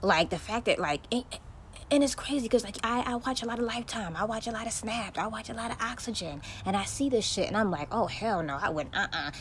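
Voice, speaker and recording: A woman's voice: fairly high pitch, fast, a little hiss or hum. A young woman hosting a podcast, ranting bluntly and profanely in a casual monologue. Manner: profane, blunt, heated storytelling. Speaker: podcast host.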